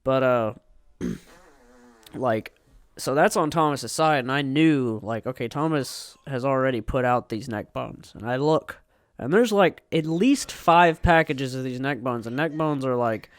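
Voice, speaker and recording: A young man chats on a podcast, slow and relaxed with plenty of ums. His voice is smooth and clear, recorded dry and close with no room sound. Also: mid-range voice, no echo. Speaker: podcast co-host. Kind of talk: casual chat.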